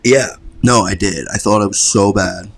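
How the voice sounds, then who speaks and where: A young man, a college athlete, telling a personal story to a podcast host in a relaxed, rambling way, swearing freely and filling with "like". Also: fairly low pitch, normal speed, husky. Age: young adult. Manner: laid-back, rambling, swears freely, fills with "like". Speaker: podcast guest, college lacrosse player. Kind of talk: casual storytelling chat.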